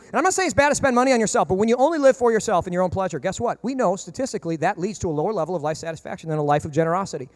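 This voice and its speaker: A man preaching a lively, chatty sermon at a brisk clip, his voice sitting fairly high for a man. He slips into the voices of the people he quotes and throws in dry jokes as he goes. The sound is close and dry, with little room to it. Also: dry recording. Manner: animated, conversational, acts out quoted voices; humorous asides. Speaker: pastor.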